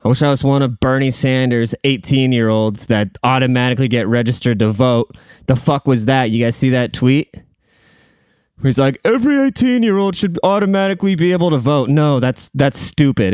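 A man's voice: medium pitch, steady tone, fairly quick, a little mellow, clear, resonant tone, no echo, studio quality. A man hosting a casual solo podcast from a room at home, rambling bluntly and swearing freely. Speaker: podcast host.

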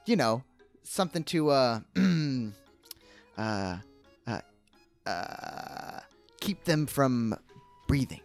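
A man playing a brisk adventurer who is shopping for poison, speaking in a smooth-talking, sly way. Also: medium pitch, lively intonation, faint music behind, exaggerated voice.

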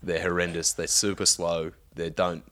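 A man's voice: low-pitched, little pitch movement, moderate pace, fairly bright tone. A man casually telling a story on a podcast, laid-back, swearing often and laughing along.

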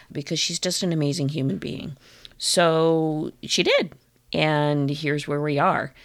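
A woman with a low voice hosts a casual podcast chat, gushing over her guest in long run-on phrases. The sound is dry and close, with no room around it. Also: vocal fry, no room sound. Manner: gushing, enthusiastic, talks in flowing run-on phrases. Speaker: podcast host.

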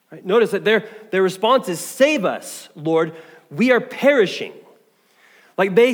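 A man's voice: sits high, big-room sound. A man preaching a sermon as pastor, talking in a loose, conversational way with frequent fillers and "right?" asides.

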